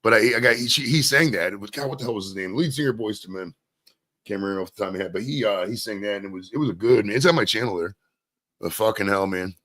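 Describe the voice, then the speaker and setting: A man's voice: lowish voice, fast talker, a bit bright. Rambling profane man from Maine. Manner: rambling, profane, loose and conversational. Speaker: streamer and show host. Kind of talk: casual solo stream chat.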